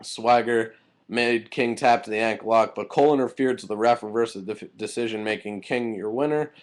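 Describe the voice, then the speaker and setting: A man's voice: fairly low pitch, moderate pace. Angry, profane young man ranting. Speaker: wrestling show reviewer. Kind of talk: casual recap and rant.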